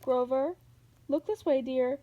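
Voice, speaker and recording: A woman's voice: high-pitched, slow, phone-quality sound. A woman voicing Medusa, a scheming female monster posing as a sweet old lady, with a coaxing, purring manner. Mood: sweetly coaxing.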